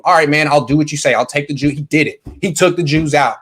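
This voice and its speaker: A man's voice: on the high side, fast talker, few pauses, husky. A man hosting a casual call-in sports show, joking and rambling through long stories. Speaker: podcast host taking calls.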